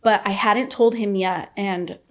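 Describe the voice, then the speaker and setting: A woman's voice: medium pitch, steady tone, measured pace. Woman telling a raw personal story. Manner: casual, filler-heavy with constant "like"; raw and emotional, recounting an ordeal. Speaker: podcast guest. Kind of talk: personal story told in an interview.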